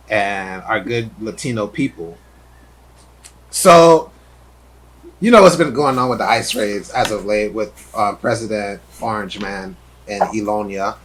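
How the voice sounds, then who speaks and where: A man's voice: fairly low pitch, a bit bright, a little hiss or hum. A man hosting a podcast, telling stories animatedly in casual chat with lots of filler words. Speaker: podcast host.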